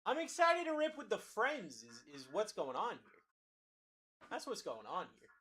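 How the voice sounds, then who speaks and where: Hyped man hosting a card break stream. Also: high-pitched. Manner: energetic, talks fast to chat, calls out players. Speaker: card break livestream host. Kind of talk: hyped live-selling patter.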